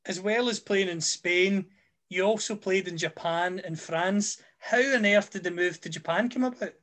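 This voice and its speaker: A male interviewer with a fairly high voice puts brisk, probing questions to his guest. His questions come quickly and directly. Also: fairly bright tone.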